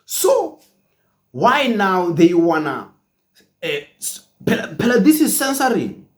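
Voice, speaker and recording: A South African man with a fairly high voice delivers political commentary. He talks emphatically and with animation, repeating himself for effect. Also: slow pace. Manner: animated, emphatic, mimics others mockingly.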